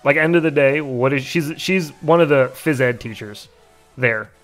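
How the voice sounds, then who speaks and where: A man's voice: mid-range voice, moderate pace, fairly bright tone, faint music behind. Laughing, profane man telling stories. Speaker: livestream host. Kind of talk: casual livestream chat.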